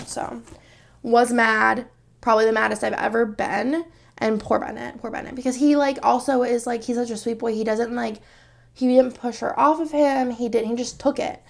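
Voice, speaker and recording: Woman vlogger, thirties, rambling storytime chat, bright-ish pitch with gravelly fry. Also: fairly even intonation, normal speed. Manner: chatty, rambling, many fillers. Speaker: planner vlogger.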